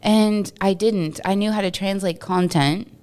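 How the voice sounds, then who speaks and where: Podcast guest, woman from Texas, mid-pitched, smooth and clear, lively storyteller who laughs easily. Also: measured pace. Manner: animated storyteller, laughs often. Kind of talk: casual storytelling interview.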